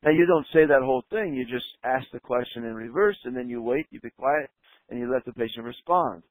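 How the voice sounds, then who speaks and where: A man coaching dental front-desk staff in a training talk, emphatic and slowing down to stress key points. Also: mid-range voice, dry recording, low-quality recording. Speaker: practice coach.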